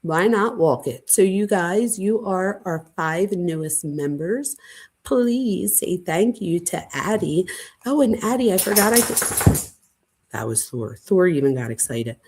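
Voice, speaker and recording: A woman hosting a casual late-night livestream chat, gushing and excitable, dramatic by her own account, and often breathless. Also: lowish voice, measured pace, slight background noise. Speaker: channel host.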